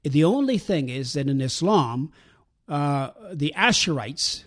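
A man calmly explaining religious ideas in a talk show discussion, pausing often with fillers. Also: on the high side. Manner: measured, explanatory, with many pauses and fillers. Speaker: guest speaker explaining Islam.

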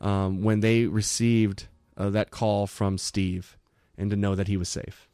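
A man's voice: on the low side, little pitch movement, unhurried, warm tone, smooth, dry recording. A man co-hosting a Christian show, talking earnestly about an interview and laughing easily. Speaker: podcast co-host. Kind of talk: casual commentary.

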